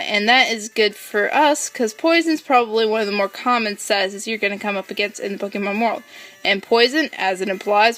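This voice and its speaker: A woman's voice: a little high, a bit bright. A woman hosting a casual game playthrough, chatty and upbeat as she explains the mechanics. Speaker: let's play host. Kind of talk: casual gameplay commentary.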